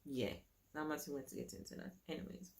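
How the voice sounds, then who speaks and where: A woman telling her own story to camera in a casual, animated way, acting out what others said to her. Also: low voice, quick pace.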